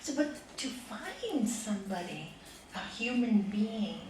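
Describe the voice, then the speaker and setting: A woman meditation teacher giving a spiritual talk with stories to a small group, swinging between loud emphasis and soft, hushed asides. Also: medium pitch, very animated, slow. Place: meditation centre room with a group. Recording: echoey room, voice from a distance, faint hiss.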